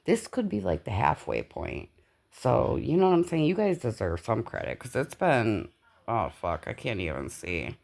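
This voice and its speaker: A young woman talks straight into a home voiceover mic, her pitch swinging up and down all through. Her voice has a gravelly, fried edge. She rambles, swears freely and pauses when she runs short of breath. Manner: candid, profane, rambling and animated. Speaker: vlogger. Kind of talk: casual voiceover monologue. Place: dark living room at home.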